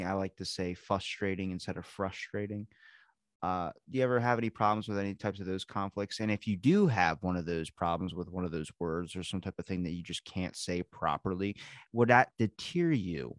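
Man, podcast host, very deep voice, curious rambling questions, dry sound. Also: no echo. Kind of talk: casual podcast interview.

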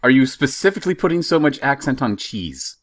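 A man's voice: mid-range voice, big pitch swings, brisk, no echo, clean studio sound. A man from the Utah and Idaho area with a slight Intermountain West accent, co-hosting a podcast in a playful, teasing way. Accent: Intermountain West American. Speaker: podcast co-host. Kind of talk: casual chat.

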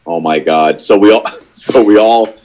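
A man's voice: lowish voice, unhurried, darkish tone, poor audio. A young man co-hosting a casual podcast, telling stories in a rambling way with lots of filler words. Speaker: podcast co-host. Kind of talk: casual chat.

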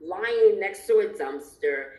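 A woman's voice: medium pitch, animated, takes it slowly, darkish tone. A woman hosting a podcast interview, talking expressively and emphatically and laughing often. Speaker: podcast host. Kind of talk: casual interview chat. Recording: roomy echo.

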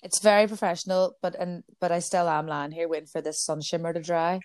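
Blunt Northern Irish woman co-host, lowish voice, swears freely, dry close recording. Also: fairly quick, no room sound. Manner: blunt, sweary, animated storytelling. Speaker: podcast co-host. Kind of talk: casual chat.

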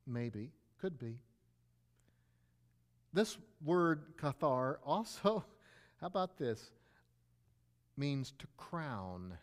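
A male pastor gives a sermon, explaining with everyday examples and rhetorical questions. He shifts his pitch and pace for emphasis.

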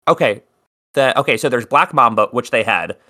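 A man's voice: medium pitch, expressive, moderate pace, pushed and bright. A man from South Jersey co-hosting a podcast, telling a long rambling story in casual chat and swearing freely. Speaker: podcast co-host.

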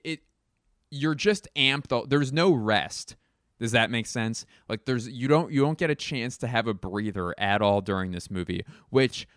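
A young man chatting as a podcast host, rambling and swearing with plenty of filler words. His voice is bright, smooth and crisp. The sound is dry and close on the mic. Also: medium pitch, no room sound. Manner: rambling, profane, lots of fillers. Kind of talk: casual chat.

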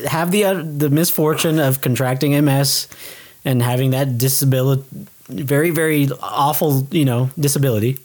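A man co-hosting a casual podcast, trading jokes and quick reactions. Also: medium pitch, a little mellow. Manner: joking, quick reactions and wisecracks. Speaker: podcast co-host. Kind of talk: casual banter.

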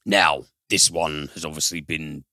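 A man's voice: very deep voice, steady tone, a little slow, pushed and bright, no echo, clean studio sound. A man hosting a film podcast, reviewing films in a loose, rambling way, swearing casually and using lots of fillers.

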